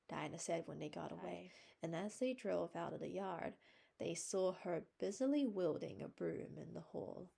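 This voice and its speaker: Low, dark-voiced woman reading aloud. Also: moderate pace, vocal fry, slightly rough. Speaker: reader. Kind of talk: storybook narration.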